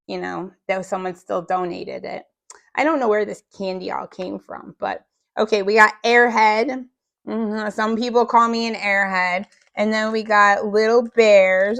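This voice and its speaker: A middle-aged woman with a rough, gravelly voice chatting casually to viewers as she unpacks a food bank haul, joking in small asides. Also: medium pitch.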